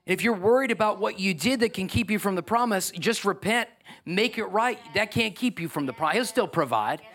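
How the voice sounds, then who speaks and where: Passionate high-voiced man preaching a sermon. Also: expressive, a little fast, a bit bright. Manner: passionate, preaching with rising intensity and rhetorical questions; casual asides and humor. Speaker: pastor. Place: church. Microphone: microphone.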